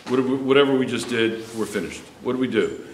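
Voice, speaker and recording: A man's voice: mid-range voice, fast. A man teaching a chemistry class, lecturing and teasing his students with jokes. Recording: echoey classroom with faint background noise.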